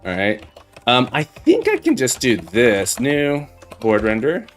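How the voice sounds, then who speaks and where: A man's voice: medium pitch, huge pitch swings, measured pace. A man hosting a live coding stream, thinking aloud as he types and chatting with viewers in a self-deprecating way. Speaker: livestream coding host. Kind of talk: casual live-coding chat. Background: faint background music and keyboard typing.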